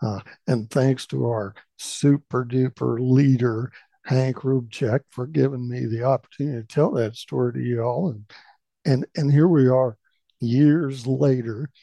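A man's voice: medium pitch, steady tone, unhurried, creaky, mellow, no echo. Playful storytelling man, dry sound. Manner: playful, acts out voices in his tale. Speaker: storyteller and part-time host. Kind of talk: humorous personal storytelling.

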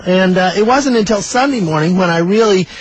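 Older male storyteller with a husky, high voice. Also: fairly quick, no echo, low-quality recording. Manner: folksy, animated, acts out the dialogue. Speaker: storyteller, author. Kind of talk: oral storytelling.

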